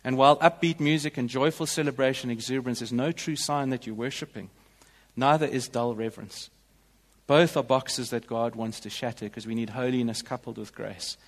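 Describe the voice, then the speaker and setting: A man's voice: medium pitch, steady tone, brisk, long reverb tail. A male pastor delivering a sermon in a church, in an earnest, emphatic way.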